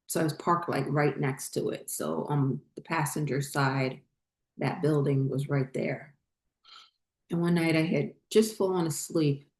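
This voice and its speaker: A woman with a low, mellow voice tells a personal story in a loose, casual way. She rambles, circles back and fills pauses with fillers as she goes. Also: echoey room. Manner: rambling, many fillers and restarts. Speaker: spiritual channel host.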